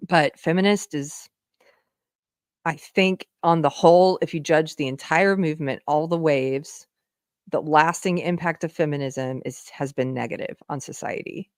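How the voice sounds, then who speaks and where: Low, dry-sounding woman host, casual and chatty live commentary. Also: a little slow, darkish tone, no echo. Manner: chatty, laughs often, talks to viewers. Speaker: livestream host.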